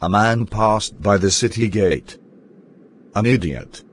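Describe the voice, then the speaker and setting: Неторопливый рассказчик с низким голосом. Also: male voice, on the low side, slow pace, husky. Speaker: narrator. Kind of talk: scripted storybook narration.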